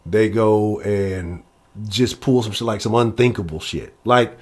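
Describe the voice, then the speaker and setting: Sports podcast guy, cussing, gets loud and high when he mocks the haters. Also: measured pace. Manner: animated, profane, jumps in pitch to mimic critics. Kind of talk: casual live sports chat.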